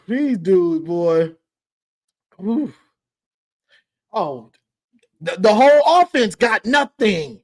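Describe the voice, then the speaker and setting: A man's voice: sits high, big pitch swings, very slow, long pauses. A man hosting a call-in sports show, teasing and laughing through a casual rant.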